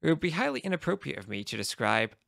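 Gravelly man reading a comic fairy tale. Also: a little high, fast, no room sound, studio quality. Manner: wry, deadpan comic narration. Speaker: reader of fantasy game lore. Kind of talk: storybook reading aloud.

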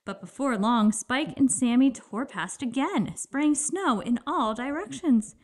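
A woman narrating a children's picture book aloud, with expressive storytelling. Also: sits high, unhurried.

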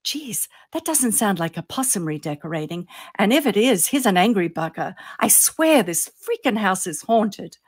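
A woman reading as a cheeky friend, hushed and wry. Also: mid-range voice, big pitch swings, moderate pace, hardly any pauses, husky. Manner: playful, joking, half-whispered.

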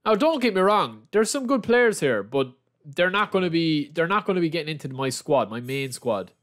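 An Irish man talking through a live stream as he opens player packs. His voice sits a little high for a man and swings widely in pitch. He keeps repeating his reactions and calls his viewers lads. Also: sing-song, moderate pace, fairly bright tone. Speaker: game streamer. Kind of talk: live-stream pack-opening commentary.

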